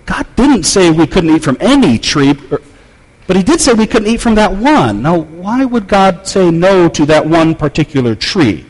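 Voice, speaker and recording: A man's voice: sits high, sing-song, normal speed, breathy edge, exaggerated voice. A man voicing a naive, puzzled young woman. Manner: puzzled, questioning. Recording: long reverb of a large hall.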